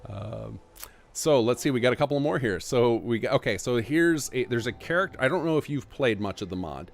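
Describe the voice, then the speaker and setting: A man's voice: mid-range voice, expressive, fairly quick, vocal fry. A man hosting a livestream, reading out donations and chatting in an upbeat, casual way. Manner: upbeat, reads donations aloud, laughs often. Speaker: streamer host.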